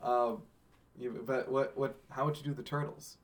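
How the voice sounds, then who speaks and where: Excited man retelling a cartoon fight. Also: medium pitch, moderate pace. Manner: excited play-by-play retelling, quoting characters. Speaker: podcast co-host. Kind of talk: casual movie podcast chat.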